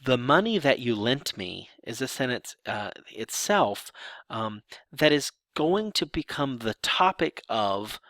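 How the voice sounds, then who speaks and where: A man's voice: mid-range voice, slow, no echo. A man teaching sign language grammar, explaining examples step by step with some restarts. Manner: lively explanatory delivery with restarts.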